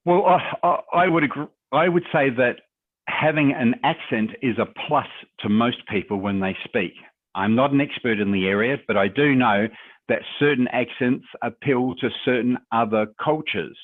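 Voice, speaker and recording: A man's voice: mid-range voice, moderate pace, no room sound. A man answers questions as a guest on a video call, his tone conversational and encouraging. The audio is narrow and tinny, like a phone line, and completely dry with no room around it. He reflects aloud and tags his points with rhetorical questions. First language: English. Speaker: guest speaker on public speaking. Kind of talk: webinar Q&A advice.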